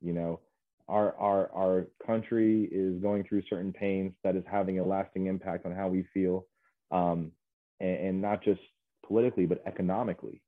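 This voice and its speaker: Man, very deep voice, earnest and halting, tinny phone-like line, dry sound. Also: flat delivery, dry recording. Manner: earnest, halting, many fillers. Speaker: guest, mental health specialist. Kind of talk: casual interview chat.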